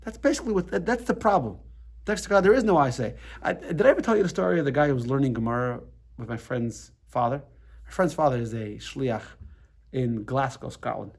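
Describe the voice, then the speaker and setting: This man's voice is medium-pitched, gravelly, animated, and a little fast. He's a middle-aged rabbi from the United States leading a relaxed class, speaking conversationally as he restarts his sentences, repeats words, and keeps asking his listeners "right?"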